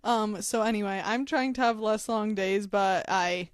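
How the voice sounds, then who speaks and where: A woman's voice: mid-range voice, a little slow, clean tone, no room sound, studio quality. A young woman co-hosting a podcast in casual chat. She is giggly and playful and slips into silly voices. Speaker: podcast co-host.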